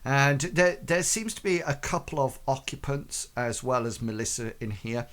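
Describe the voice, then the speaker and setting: A man running a tabletop game as its narrator, with a voice in the middle of the usual male range. He talks hesitantly, filling his scene descriptions with pauses and filler words. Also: mid-range voice, fairly bright tone. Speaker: game master.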